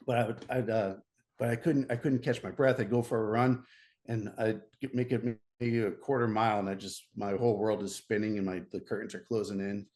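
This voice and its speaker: A middle-aged American man, a podcast guest, telling a story in a casual, animated way, often laughing and restarting his sentences. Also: on the low side, a little fast.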